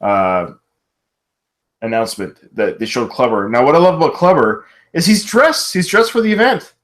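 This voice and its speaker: Animated laughing man on a podcast. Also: medium pitch, moderate pace. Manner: laughs often, quotes movie lines with excitement. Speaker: podcast co-host. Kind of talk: casual film discussion.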